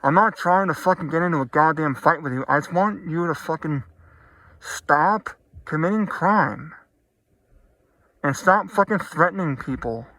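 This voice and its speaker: A man's voice: a little high, fairly quick, few pauses, pushed and bright. Angry, profane man ranting. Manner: profane, heated, blunt. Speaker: vlogger. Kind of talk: angry rant to camera.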